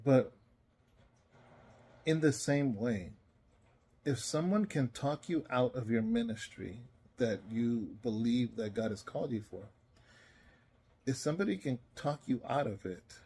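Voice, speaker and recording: This self-recorded devotional comes from a man speaking as a pastor, tired and yawning, his manner earnest, rambling and conversational. His medium-pitched voice is dark and slightly rough, with big pitch swings, a measured pace and frequent pauses.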